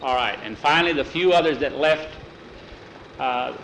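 A man's voice: a little high, moderate pace, a bit bright, a little hiss or hum. A man telling a frontier story aloud in a homespun way, leaning on repeated phrases like "he says" and "finally.". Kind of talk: oral storytelling. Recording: echoey room.

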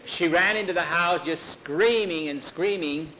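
A man spinning a folksy tale aloud in a bright, slightly high voice. He pauses and fills gaps as he goes, with faint background hiss. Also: poor audio. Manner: homespun, halting with fillers. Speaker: storyteller. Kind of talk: folksy oral storytelling.

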